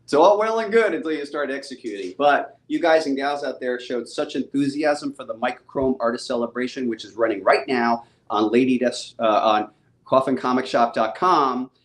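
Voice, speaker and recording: On a casual live stream, a male host who is also a comic book publisher talks in a mid-range voice at normal speed. He comes across upbeat and chatty with frequent laughter, recorded in an echoey room on a studio set with a bar.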